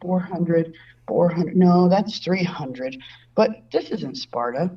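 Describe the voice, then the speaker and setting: A woman's voice: on the low side, takes it slowly, husky, recorded from a distance, dull audio. A woman doing a stand-up comedy set from home over a video call, in a rambling, self-interrupting way. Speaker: stand-up comic. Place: home room.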